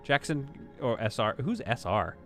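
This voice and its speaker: A man's voice: medium pitch, very animated, moderate pace, soft background music. A man hosting a casual live stream, chatting as he plays and reading viewers' messages aloud. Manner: chatty, muses aloud, reads chat. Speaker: streamer host.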